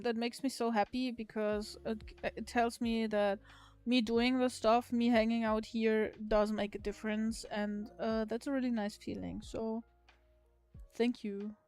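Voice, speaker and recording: A woman's voice: a little high, a little mellow, smooth. A woman livestreamer in casual chat with her viewers, giggling often and swearing casually.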